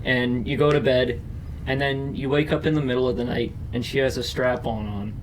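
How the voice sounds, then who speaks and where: A man's voice: medium pitch, steady tone, normal speed, recorded from a distance, background noise. A young man co-hosting a podcast, posing absurd hypotheticals and odd theories in casual chat. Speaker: podcast co-host.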